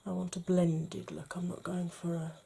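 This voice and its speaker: Soft-spoken woman doing a makeup tutorial. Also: fairly low pitch, little pitch movement, moderate pace, vocal fry, slightly rough. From United Kingdom. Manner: chatty, often drops to a whisper while working. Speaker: makeup vlogger.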